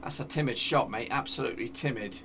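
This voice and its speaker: A man giving excitable live commentary over a football management game, cheering at goals and talking to his players. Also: mid-range voice, quick pace, recorded from a distance, slight background noise. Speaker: gaming YouTuber.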